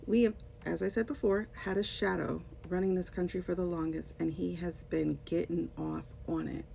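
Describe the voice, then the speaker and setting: Speaking at a normal pace, this former English teacher keeps a steady, warm tone with vocal fry. She talks directly to her audience in a sarcastic, emphatic vlog, captured in muffled lo-fi sound carrying a faint rumble.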